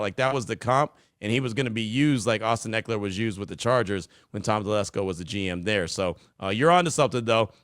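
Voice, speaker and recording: A man's voice: medium pitch, no room sound, studio quality. A man hosting a sports podcast, talking casually and conversationally with lots of fillers as he answers callers. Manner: relaxed, conversational, many fillers. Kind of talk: casual call-in show talk.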